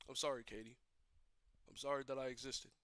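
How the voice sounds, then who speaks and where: A young man in visible emotional distress, ranting alone on a stream in a halting, repetitive, despairing way. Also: medium pitch, steady tone, a bit bright, dry recording. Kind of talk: emotional solo rant.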